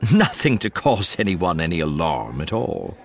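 A man's voice: deep voice, sing-song, normal speed, creaky, heavily acted. A man voicing a sly, sneering man with a cruel streak, mocking in tone.

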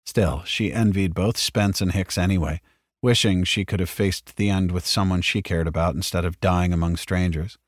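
Low-voiced man reading a story. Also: fairly even intonation, moderate pace, no echo, studio quality. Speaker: narrator. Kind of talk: audiobook reading of science fiction.

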